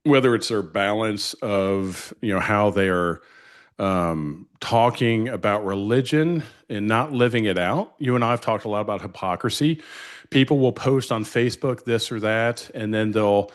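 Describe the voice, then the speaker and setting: Earnest man quoting scripture. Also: lowish voice. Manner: earnest, quotes scripture at a brisk read. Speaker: podcast host. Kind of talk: casual conversation.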